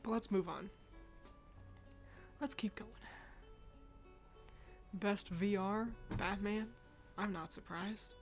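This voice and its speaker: A woman's voice: mid-range voice, fairly even intonation, slow, pauses often, faint music behind. A woman streaming live, chatting casually about games while sick and congested, laughing often.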